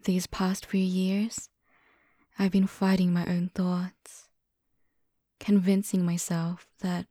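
A young woman in a whispered role-play, voicing an obsessive, devoted young lover in a soft, intimate half-whisper. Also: mid-range voice, dry recording, clean studio sound, lightly acted. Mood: emotional.

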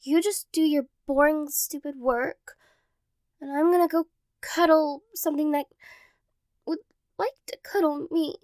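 A woman's voice: sits high, steady tone, measured pace, long pauses, darkish tone, dry recording. A young woman voicing a playful, clingy girlfriend in a role-play audio, teasing and playfully dramatic, close to the mic.

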